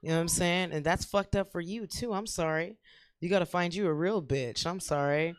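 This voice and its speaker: A woman's voice: on the low side, normal speed. A woman doing a crude, profane stand-up set on a comedy club stage, talking straight to the crowd. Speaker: stand-up comic.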